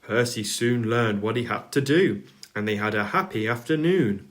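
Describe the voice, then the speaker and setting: A man reading a children's storybook aloud, calm and measured. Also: lowish voice. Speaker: narrator.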